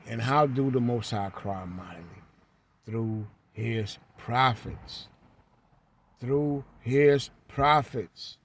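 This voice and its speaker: Man, fervent street sermon, emphatic repetition, unhurried, middling pitch. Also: slight background noise. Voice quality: repetitive, emphatic, tags lines with "right?". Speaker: street preacher.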